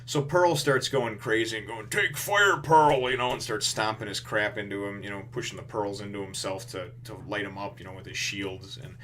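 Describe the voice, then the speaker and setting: Rambling man with a low, bright voice. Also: a little fast, few pauses, a little hiss or hum. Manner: rambling, excitable retelling full of "you know". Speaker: manga chapter reviewer. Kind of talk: casual recap and commentary.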